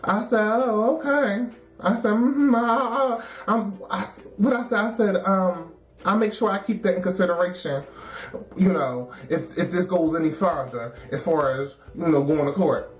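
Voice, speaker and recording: A woman telling a story in a casual, animated, wry way, laughing often. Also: medium pitch, moderate pace. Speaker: storyteller in a documentary. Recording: roomy echo with faint music.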